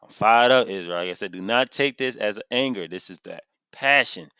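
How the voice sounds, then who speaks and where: A man's voice: on the low side, moderate pace, vocal fry, pushed and bright, clean tone, dry recording. Fired-up preaching man, dry close sound. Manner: impassioned, preachy, reads verses aloud then repeats them with emphasis. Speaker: street preacher teaching scripture. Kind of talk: fiery scripture sermon to camera. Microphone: camera mic.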